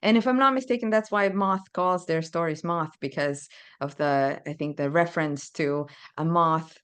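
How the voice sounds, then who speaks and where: A woman podcast host speaking reflectively, often pausing to search for her words. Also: sits low, fairly bright tone, smooth. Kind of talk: interview conversation.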